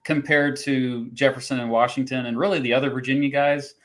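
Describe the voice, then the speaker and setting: A man's voice: medium pitch, fairly even intonation, a little fast. Guy hosting a live stream, rambly and chatty, lots of ums and laughs. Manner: chatty, hesitant, laughs often. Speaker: host. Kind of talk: casual livestream chat.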